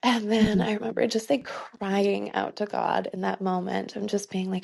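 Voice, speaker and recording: A woman in her thirties with a strongly gravelly, creaky voice at a middle pitch recounts a personal experience. She talks earnestly and informally, leaning on "like" and breaking into laughs as she goes. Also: flat delivery, normal speed, darkish tone. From Canada. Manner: earnest, many "like" fillers, laughs often. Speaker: guest. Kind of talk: personal storytelling in a podcast interview.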